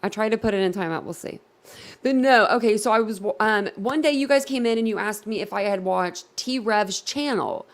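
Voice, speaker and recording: A woman's voice: medium pitch, moderate pace. A woman hosting a casual livestream and chatting to her viewers in a giggly, easily flustered way. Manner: giggly and easily flustered, talks straight to the chat. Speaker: livestream host.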